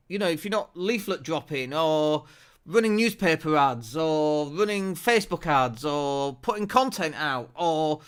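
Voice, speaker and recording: A man hosting a marketing show, talking straight to a desk camera. His voice sits high and rings bright and forceful. He presses his points home with energetic emphasis. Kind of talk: to-camera business talk.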